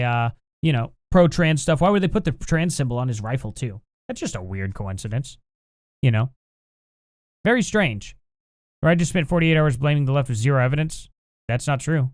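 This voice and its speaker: A man's voice: on the high side, smooth, dry recording, clean studio sound. A man hosting a live stream, reading chat aloud and answering it with combative, sarcastic, exasperated rants, plainly angry. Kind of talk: heated live-stream commentary.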